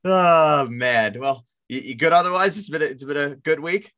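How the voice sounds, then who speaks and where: A man co-hosting a sports podcast, talking in a sarcastic, rambling way and swearing freely. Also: normal speed. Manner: sarcastic, rambling, swears, lively jumps in pitch. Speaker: podcast co-host. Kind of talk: casual sports podcast chat.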